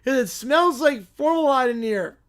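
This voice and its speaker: A man's voice: very high-pitched, lively intonation, moderate pace, a bit bright, pitched above the performer's own voice. A man voicing a tired, wary motel owner who speaks politely to noisy children. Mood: weary. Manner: weary, polite.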